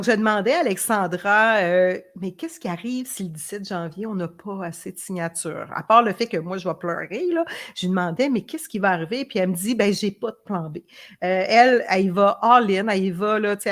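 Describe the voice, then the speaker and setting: A woman's voice: medium pitch, fast talker. A woman veterinarian with a Québécois accent, hosting a casual live stream and switching between French and English, chatty and hesitant with many fillers. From Quebec.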